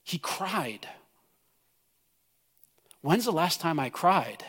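A man preaching a sermon as pastor, impassioned, swinging from loud pleading cries to hushed, quiet passages. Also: on the high side, very animated, extremely slow, breathy edge, in a large hall.

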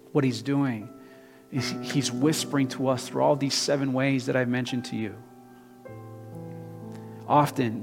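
A man in his thirties preaching a sermon, talking conversationally with frequent restarts and building to loud, emphatic passages. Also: medium pitch. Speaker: pastor. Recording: long hall reverb with faint guitar.

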